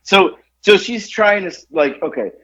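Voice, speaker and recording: A man talks through a story with a lively, swooping voice that sits a little high for a man. He rambles, piles on fillers and keeps laughing at his own tale. The sound is dull and lo-fi. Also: unhurried. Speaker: podcast co-host telling a story. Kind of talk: casual storytelling chat.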